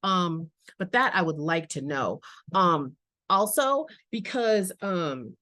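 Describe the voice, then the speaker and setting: A woman's voice: fairly low pitch, animated, takes it slowly, sharp tone, no room sound. A woman giving a casual tarot reading, musing aloud and chatting to her viewers with slangy asides. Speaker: tarot reader.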